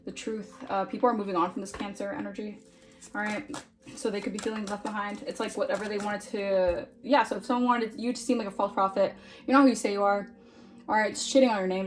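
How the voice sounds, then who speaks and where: A woman's voice: mid-range voice, a little hiss or hum. Chatty woman doing a tarot reading. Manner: chatty, repeats "all right?" often. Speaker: tarot reader.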